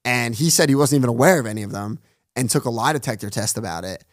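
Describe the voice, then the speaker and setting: A medium-pitched male voice, recorded in a studio with no echo. He's a guest on a podcast who runs his own online show, casually telling stories at a fast clip, acting out quoted dialogue and saying "like" constantly.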